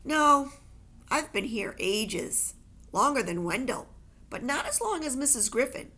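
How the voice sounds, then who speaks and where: A woman reading as a knowing young girl, lively and slow. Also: sits high, exaggerated voice. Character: frizzy-haired girl, cool, knowing.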